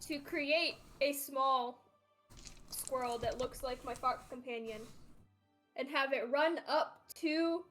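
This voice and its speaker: High-voiced eager woman player. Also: fairly bright tone. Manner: eager, quick to back down. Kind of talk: playing a tabletop game on a stream.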